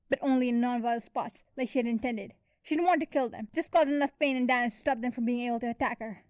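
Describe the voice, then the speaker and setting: A woman's voice: a little high, a little mellow, no echo. A young woman reading her own fanfiction aloud in a casual storytelling manner, on a close home mic. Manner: casual storytelling with occasional slips. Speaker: fanfiction reader and writer.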